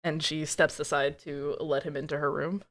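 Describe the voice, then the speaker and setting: A woman's voice: low-pitched, flat delivery, normal speed, fairly bright tone. A woman playing a tabletop role-playing game, casually describing her character's actions. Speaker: player. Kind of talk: tabletop role-play narration.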